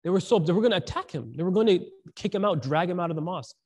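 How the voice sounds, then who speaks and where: A man's voice: high voice, lively intonation, very fast, darkish tone. A man giving a conversational sermon, asking the audience questions and mixing in slang. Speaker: preacher.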